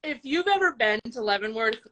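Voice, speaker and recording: A woman's voice: fairly high pitch, expressive, moderate pace, pushed and bright. A woman guest in a casual interview, talking with chatty enthusiasm. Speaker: band member guest.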